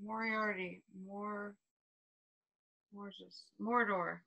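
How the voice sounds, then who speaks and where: A young woman hosting a casual podcast chat, playful and quick to laugh. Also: mid-range voice, steady tone, vocal fry, sharp tone, highs cut off. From North Carolina. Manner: giggly, playful. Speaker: podcast host.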